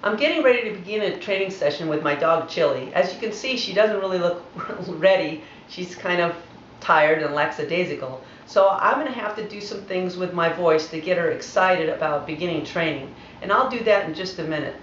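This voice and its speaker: Calm woman explaining dog training steps. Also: fairly low pitch, fairly quick, slight background noise. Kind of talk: instructional voice-over. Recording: roomy, dull lo-fi home video audio.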